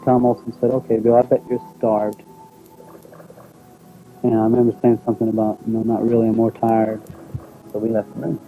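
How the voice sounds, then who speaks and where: Man, very dark timbre, folksy first-person account over faint music. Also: lowish voice, completely flat delivery, a little fast, long pauses, rough recording. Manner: plain storytelling, folksy, acts out quoted speech. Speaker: witness recounting an experience.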